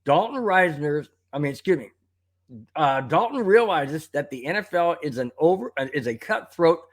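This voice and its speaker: On his live sports talk stream, a man with a fairly high, animated voice rants heatedly at a moderate pace. Every so often he coughs from a throat tickle while reading viewer comments aloud.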